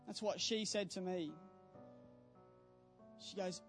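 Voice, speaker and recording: A man's voice: high-pitched, flat delivery, normal speed, faint music behind. A young man, a youth pastor, preaching a sermon earnestly and building to fervent exhortation at a church service.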